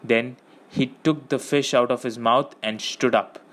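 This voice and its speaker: A man narrating an audiobook with steady, measured reading. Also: medium pitch.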